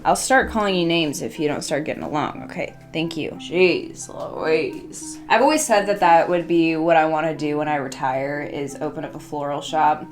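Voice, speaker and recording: Young adult woman vlogger, low-set voice, loose and chatty, swears offhand, soft music underneath. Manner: chatty, playful, swears casually, talks to herself. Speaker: craft vlogger. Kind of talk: casual chat while arranging flowers. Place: home workstation.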